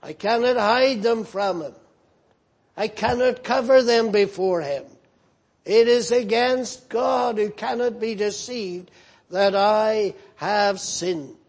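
Man, preacher, evening sermon, high voice, unhurried, solemn, earnest, emphatic then hushed.

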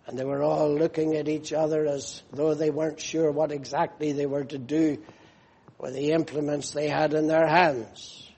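A man preaching a sermon as pastor, slow and emphatic, leaning on repeated phrases. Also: fairly high pitch, level tone, a little mellow, slightly rough. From United Kingdom.

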